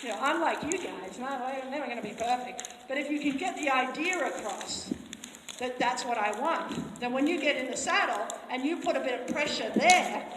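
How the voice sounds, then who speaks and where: A woman's voice: high voice, expressive, normal speed. A woman horse trainer giving a live, chatty demonstration, talking to onlookers and to the horse in turn. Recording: echoey arena with long reverb, faint noise.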